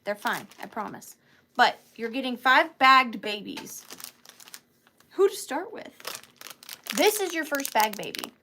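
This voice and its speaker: A woman's voice: high voice, lively intonation, a little slow, pauses often, pushed and bright, slight background noise. A woman hosting a live online sale of vintage items, chatting casually and gushing over each piece. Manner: chatty and gushing, calls items little cuties.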